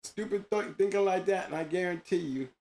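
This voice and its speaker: A man hosting a show delivers a casual monologue, talking emphatically in slangy language and often repeating himself. His voice is high, a little mellow, and slightly fast.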